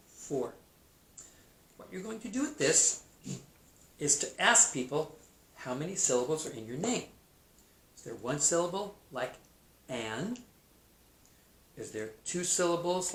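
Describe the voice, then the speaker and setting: A male teacher giving a recorded math lesson to young children, speaking slowly and sounding out names syllable by syllable. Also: on the high side, very animated, a bit bright. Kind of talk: kindergarten math video lesson. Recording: echoey room, faint noise.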